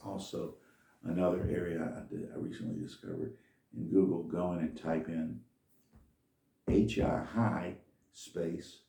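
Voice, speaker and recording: Deep dark-voiced guy rambling through a story, echoey room, mic far away. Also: gravelly. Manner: rambling and folksy, with restarts. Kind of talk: casual storytelling monologue.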